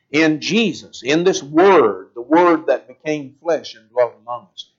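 A man preaching a sermon in a measured way, slowing down to stress key words. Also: fairly high pitch, expressive, breathy edge, dull audio.

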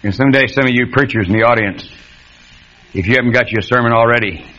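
Animated preacher man, lo-fi sound. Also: fast. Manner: animated, acts out quoted voices with sudden high pitch. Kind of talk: sermon.

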